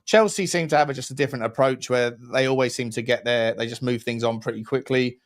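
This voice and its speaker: A man co-hosting a football talk livestream, chatty and upbeat, with blunt opinions and quick shout-outs to viewers. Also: medium pitch. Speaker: co-host.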